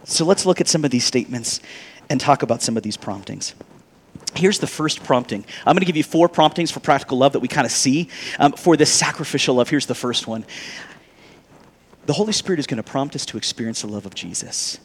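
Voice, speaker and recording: A male pastor preaching a sermon, animated, swinging between loud emphatic peaks and quiet asides. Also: medium pitch, brisk, breathy edge, in a large hall.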